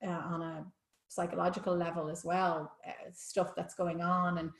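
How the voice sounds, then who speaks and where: A woman's voice: lowish voice, little pitch movement, normal speed. A woman, a yoga teacher chatting enthusiastically in an interview, often restarting her sentences. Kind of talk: casual interview chat. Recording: roomy echo.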